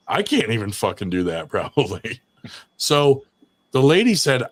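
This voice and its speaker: A man's voice: medium pitch, moderate pace. A man spins a rowdy prank story in casual live-show chat. His voice sits in an ordinary middle register, and he swears constantly while jumping into voices for the characters he quotes. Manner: animated, swears a lot, acts out voices in his anecdotes.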